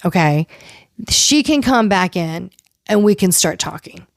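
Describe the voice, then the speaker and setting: A woman hosting a casual recap show, chatty and animated, acting out quotes from the people she talks about. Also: lowish voice, unhurried, gravelly, no echo, studio quality. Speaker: podcast host recapping reality TV.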